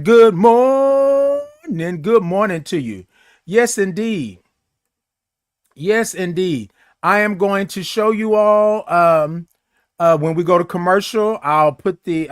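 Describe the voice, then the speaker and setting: A playful, flamboyant man hosts a morning livestream, his voice sitting high for a man. He chats loosely with viewers and drags his greetings out long. The sound is close and dry, with no room echo. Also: fairly bright tone. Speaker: host of a morning livestream show. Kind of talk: casual livestream chat reading viewer comments.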